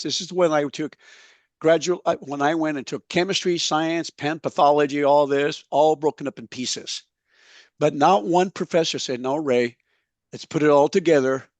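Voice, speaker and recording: A middle-aged man giving an animated conference presentation, emphatic and folksy, slowing down to stress his key points. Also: on the high side, dry recording. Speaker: soil health speaker. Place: conference session.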